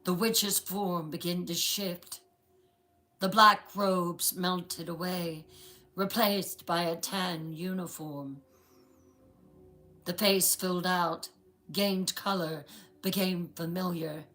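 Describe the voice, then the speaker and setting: Slow dramatic woman narrating horror. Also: lowish voice, steady tone, pushed and bright, poor audio. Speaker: storyteller.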